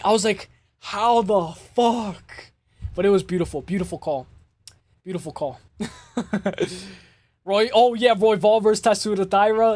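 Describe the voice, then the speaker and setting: A man hosting a casual MMA show, breaking down fights in an excitable way, swearing and repeating himself. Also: high-pitched, dry recording. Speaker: MMA podcast host.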